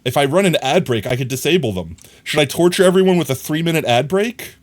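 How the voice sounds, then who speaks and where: A young adult man livestreaming, chatting casually and teasingly with his viewers while he plays a game. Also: quick pace. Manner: playful and teasing, talks straight to chat; animated, rising pitch swings.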